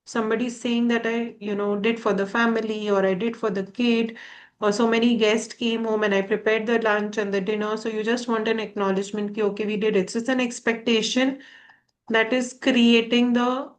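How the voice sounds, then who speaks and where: A woman's voice: on the high side, flat delivery, moderate pace. Thoughtful woman hosting. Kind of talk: reflective discussion.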